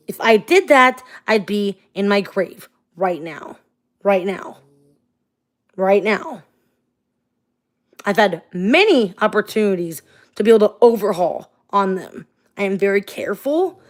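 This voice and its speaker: A woman ranting angrily and swearing on a late-night livestream, tired and venting, talking to a phone or webcam at home. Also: fairly high pitch. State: tired, up at four in the morning.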